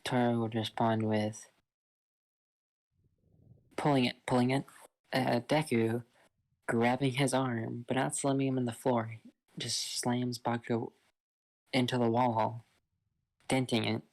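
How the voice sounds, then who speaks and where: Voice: medium pitch, flat delivery, slow, long pauses. A person casually retelling a fan-fiction story, rambling and loose with lots of fillers.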